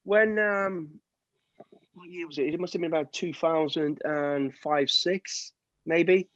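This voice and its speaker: Through earbuds on a video call, a former soldier with a fairly high, fairly bright voice slowly tells army stories as an interview guest. He performs the voices in his anecdotes with casual swearing, all captured in dull, dry call audio.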